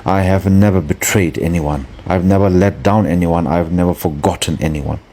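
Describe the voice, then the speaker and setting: A man with a very low, deep voice gives a Buddhist dharma talk. He speaks earnestly, pausing to hunt for the right word and circling back on his phrases. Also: dark tone, slight background noise. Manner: earnest and searching for words, with pauses. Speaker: Buddhist teacher.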